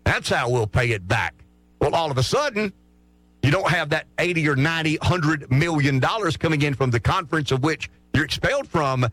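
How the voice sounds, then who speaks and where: A man's voice: fairly high pitch, a little fast, a bit bright, no room sound, soft background music. A man arguing opinions on a sports talk show, firing off rhetorical questions and answering them himself.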